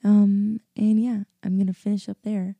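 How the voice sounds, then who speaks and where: A woman's voice: mid-range voice, little pitch movement, moderate pace, vocal fry, husky, no room sound, phone-quality sound. A woman in her early twenties hosting a casual solo podcast, rambling and upbeat with lots of fillers and laughter, and sounding sleepy. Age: 20s. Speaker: podcast host.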